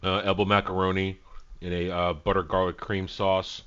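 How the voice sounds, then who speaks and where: A man's voice: low-pitched, monotone, normal speed, fairly bright tone, clean tone, muffled recording. A man hosting a long livestream, chatting casually and rambling with many fillers as he describes his food. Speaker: stream host. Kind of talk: casual chat.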